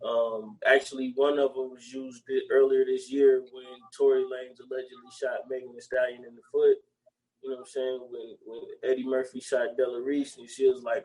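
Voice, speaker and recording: A man in his usual speaking voice, neither high nor low, chatting on a podcast. He rambles along in loose slang and keeps looping back to the same filler phrases. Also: level tone, brisk, a little mellow, poor audio. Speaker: podcast co-host. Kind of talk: casual chat.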